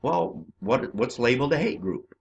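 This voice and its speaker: A man from California ranting in a profane, agitated way over on-screen maps, swinging between shouting and muttering. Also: on the low side, lively intonation, measured pace, muffled recording, a little hiss or hum. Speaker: vlogger.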